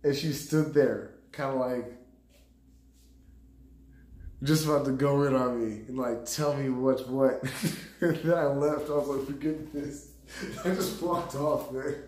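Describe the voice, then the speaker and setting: A man's voice: medium pitch, measured pace, long pauses, a little mellow. A man streaming live, casually rambling about a comedy set, laughing often and talking to his chat. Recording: roomy echo.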